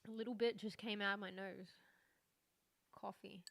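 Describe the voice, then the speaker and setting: A woman's voice: mid-range voice, fairly even intonation, normal speed, vocal fry, fairly bright tone, no room sound. A woman streaming a horror game, chatting casually with lots of swearing, laughing as she talks. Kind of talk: casual live-stream commentary.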